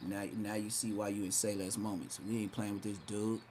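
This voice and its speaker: A man's voice: lowish voice, little pitch movement, fairly quick, a little mellow, slight background noise. A man hosting a livestream podcast, talking trash in a brash, mocking way and slipping into exaggerated voices. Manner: hyped, shifts into exaggerated voices. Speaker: podcast host. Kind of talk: livestream commentary.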